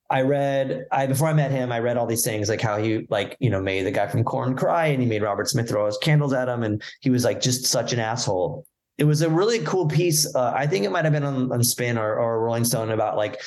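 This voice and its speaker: A man's voice: mid-range voice, a little mellow. A man as a podcast guest, telling stories in a rambling, profane way, full of fillers and restarts. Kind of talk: casual storytelling chat.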